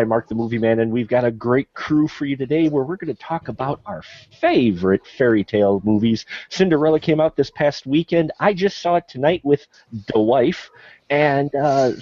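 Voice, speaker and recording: A man's voice: medium pitch, darkish tone. Upbeat podcast host guy, voice bounces around a lot, dull lo-fi sound. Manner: upbeat, laughs often, announcer-style intros. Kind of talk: casual movie podcast chat. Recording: dull lo-fi sound, faint noise.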